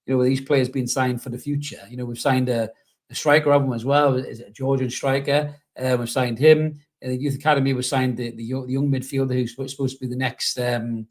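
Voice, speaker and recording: A man hosting a casual fan podcast, rambling and reading out viewer messages, with lots of "you know". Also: medium pitch. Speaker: podcast host.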